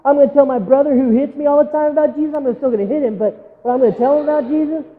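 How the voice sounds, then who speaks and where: A man voicing an eager teenage boy fresh from church camp, rushing through excited declarations. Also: very high-pitched, in a large hall, phone-quality sound, pitched above the performer's own voice. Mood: fired up.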